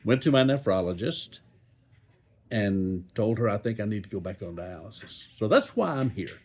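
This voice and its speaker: Older male vlogger, low husky voice, animated, folksy rambling from a hospital bed. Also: normal speed. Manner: rambling, folksy, joking asides. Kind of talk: casual talk to camera. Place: hospital room.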